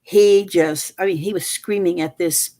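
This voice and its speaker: An older woman with a somewhat low voice tells a family story in a loose, rambling way. She stumbles through restarts and fillers. She grows animated as she relives the key moments. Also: measured pace. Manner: animated, rises sharply when reliving moments. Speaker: storyteller recounting family events. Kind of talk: casual spoken storytelling.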